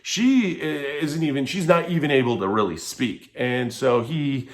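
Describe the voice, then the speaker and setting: A man's voice: medium pitch, unhurried. A man telling a personal story to camera in a casual, heated, profane way. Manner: heated, profane, animated retelling.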